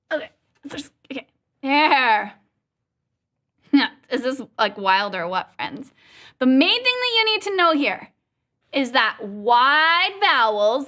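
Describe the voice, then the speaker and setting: A woman's voice: high-pitched, sharp tone. A woman teaching a live online singing lesson, upbeat and playful, showing exercises with sung sounds over a video call. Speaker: vocal coach.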